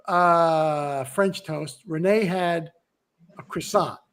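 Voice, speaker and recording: A man's voice: a little high, drawn-out words, a bit bright, clean tone. A man in his sixties hosting a podcast, chatting casually and rambling with restarts and asides. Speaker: podcast host. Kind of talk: casual chat.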